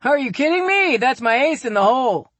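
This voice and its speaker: A joking, stubborn father in an audiobook, teasing his wife with a grin. The lines come in a raised, brighter tone and sound close and dry, as a woman narrator reads them out. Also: high voice, big pitch swings, brisk, no room sound, pitched above the performer's own voice, full character voice.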